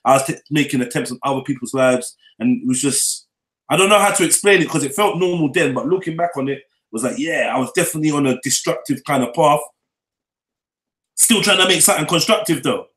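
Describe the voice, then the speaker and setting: A man's voice: a little high, fast, a bit bright. A young man telling his own life story in casual street slang, often checking in with "you get me?". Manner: loose London street slang, frequent "you get me?" tag. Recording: echoey room.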